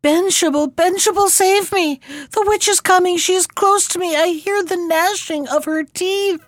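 A woman's voice: high voice, lively intonation, slow, dry recording, full character voice. A woman doing a terrified young girl. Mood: desperate. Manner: trembling, pleading cries. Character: young girl, frightened and pleading.

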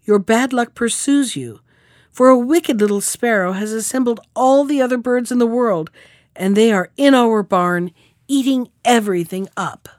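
A woman's voice: on the high side, normal speed, darkish tone, no echo, clean studio sound, natural voice. A woman voicing a carter's worried wife in an earnest, plain manner.

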